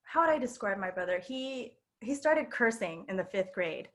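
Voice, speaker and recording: A woman's voice: mid-range voice, expressive, moderate pace, fairly bright tone. A woman telling a personal story at a live storytelling night, chatty and full of fillers and laughter. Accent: New York. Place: queer bookstore event space.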